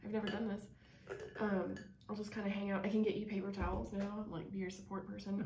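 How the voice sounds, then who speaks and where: A woman's voice: mid-range voice, flat delivery, fast, creaky, a little mellow. A woman in her thirties rambles through casual chat with plenty of fillers, her mouth burning and drooling from spicy food. She is recorded at home in an echoey room with a faint hiss behind her. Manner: chatty, rambling, with many fillers. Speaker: channel co-host.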